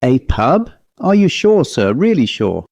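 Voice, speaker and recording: In an audiobook, a man voices a proud, rotund village police constable in his mid-thirties, a provincial English bobby who is polite, inquisitive and increasingly uneasy. The medium-pitched voice is expressive, a little mellow and close to everyday speech, at normal speed, with a dry, close, echo-free sound.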